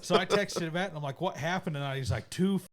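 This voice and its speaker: A higher-voiced man, chatting on a podcast. He tells animated stories and acts out the other people's lines as he goes. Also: quick pace. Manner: animated storyteller acting out dialogue. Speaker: podcast co-host. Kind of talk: casual chat. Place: podcast studio.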